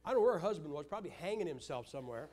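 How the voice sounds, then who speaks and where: A man's voice: a little high, lively intonation, rapid-fire, a little mellow. An older man preaching in a church, teaching Sunday school with joking stories. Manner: joking, anecdotal storytelling.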